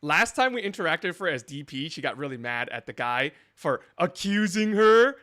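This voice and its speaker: A man's voice: a little high, sing-song, moderate pace, pushed and bright. A man hosting a scambaiting live stream, explaining his plans in a rambling, think-aloud way.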